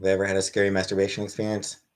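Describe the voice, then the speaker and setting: A man hosting a casual livestream Q&A, reading chat questions aloud and answering in a wry, deadpan way. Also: deep voice, very fast. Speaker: livestream host.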